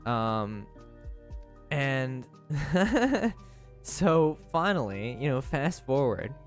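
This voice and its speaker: A man's voice: mid-range voice, big pitch swings, drawn-out words, soft background music. A young man livestreaming, telling a story in casual chat, rambling with lots of fillers and restarts.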